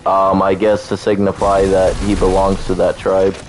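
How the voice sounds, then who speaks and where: Calm, very deep-voiced man. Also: moderate pace, noisy background. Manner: calm, laid-back, gently teasing. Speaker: gaming channel co-host. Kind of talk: casual let's-play chat.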